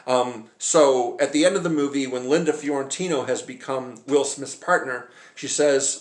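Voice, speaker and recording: A man's voice: medium pitch, normal speed, few pauses. A man chatting casually to camera about movies, rambling and hesitant with lots of filler sounds. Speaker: movie vlogger. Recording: roomy echoey room.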